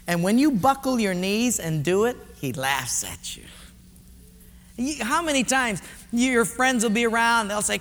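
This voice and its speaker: Animated high-voiced pastor preaching. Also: male voice, normal speed. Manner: animated storytelling, acts out voices. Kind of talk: sermon with a told joke. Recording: echoey hall reverb.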